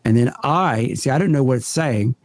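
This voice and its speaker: A man guest on a podcast, a paranormal investigator, telling his experiences in an earnest, deliberate way. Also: medium pitch, dry recording. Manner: earnest, deliberate, builds stories step by step. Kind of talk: conversational storytelling in an interview.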